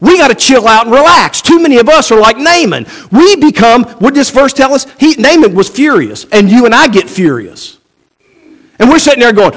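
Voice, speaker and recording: A man's voice: extremely high pitch, sing-song, normal speed, a bit bright. A man preaching a sermon, asking rhetorical questions and acting out quoted voices. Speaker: pastor.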